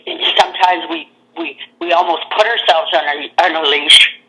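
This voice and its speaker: A woman's voice: deep voice, steady tone, normal speed, sharp tone, low-quality recording. A woman talking reflectively in casual conversation, hesitant, with frequent fillers. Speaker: reader, guest. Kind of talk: casual chat over a call.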